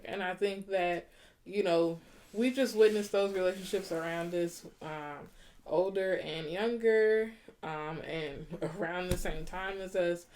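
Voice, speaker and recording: A woman's voice: on the low side, darkish tone. A woman co-hosting a relationship podcast, talking things through in a reflective, casual way, laughing often and rephrasing her points. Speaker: podcast co-host.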